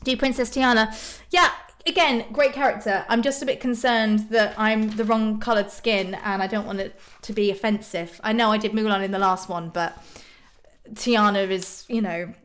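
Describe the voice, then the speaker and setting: A woman's voice: mid-range voice, steady tone, normal speed, fairly bright tone. A woman from Ireland chatting casually on a live stream, reading out viewer comments and answering them. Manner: bubbly, frequent ums and laughs.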